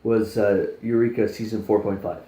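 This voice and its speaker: Canadian guy podcasting, kinda hesitant, warm mellow voice, echoey room. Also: fairly low pitch, steady tone, normal speed. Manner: hesitant, many fillers and restarts. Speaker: podcast co-host. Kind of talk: casual chat. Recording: roomy sound.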